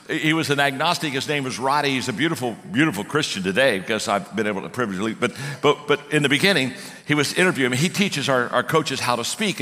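Middle aged guy preaching, voice jumps all over, keeps restarting, big reverby hall. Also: medium pitch. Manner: animated storytelling with frequent restarts. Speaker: speaker and coaching company owner. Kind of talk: sermon.

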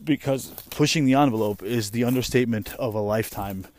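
A man's voice: mid-range voice, a little fast, darkish tone. A young man and parent, talking casually while walking through the woods, rambling with lots of swearing and restarts. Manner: rambling, profane, trailing off and restarting. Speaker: vlogger and parent. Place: woods outdoors.

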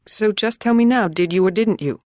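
Voice doing an earnest young schoolteacher woman, direct, pressing questions, mid pitch, dry close sound. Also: a little fast, darkish tone, dry recording, lightly acted. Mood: earnest, curious. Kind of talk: dramatized audiobook reading.

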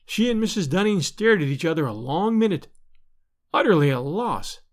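A man's voice: high voice, expressive, moderate pace. A man narrating a classic story aloud, reading expressively and lightly voicing the characters. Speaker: narrator and podcast host.

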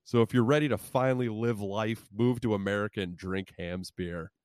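A man hosting a comedy podcast, reading sponsor copy with a deadpan, wry delivery. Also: fairly low pitch, normal speed, clean tone, dry recording, studio quality. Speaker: podcast host. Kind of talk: deadpan comic ad read.

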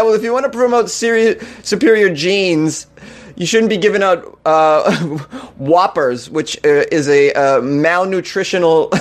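A man hosting a comedy news segment, mocking the stories with incredulous remarks and frequent laughter. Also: fairly high pitch.

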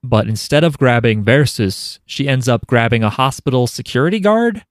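Man co-host, loose rambling recap, quick to laugh. Dry, mid-pitched. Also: lively intonation, no echo. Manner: rambling, joking, laughs often. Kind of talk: casual chat recapping a show.

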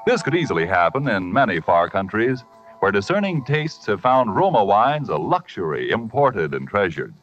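A man announcing a scripted radio advertisement in a smooth, persuasive way. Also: on the low side, very animated, moderate pace, fairly bright tone, faint music behind. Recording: dull old radio recording.

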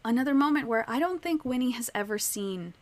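Amid crowd noise, a woman with a fairly high voice speaks fairly quickly in a casual book discussion. She animatedly retells scenes, peppering them with "like" and "you know."

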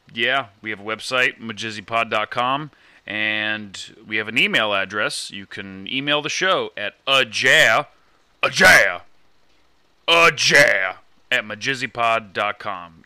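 A man's voice: on the low side, bright, forceful tone, clean tone, no room sound. A man co-hosting a podcast, chatting casually and reading plugs with lots of fillers and jokes. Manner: rambling, many fillers, jokey. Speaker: podcast co-host.

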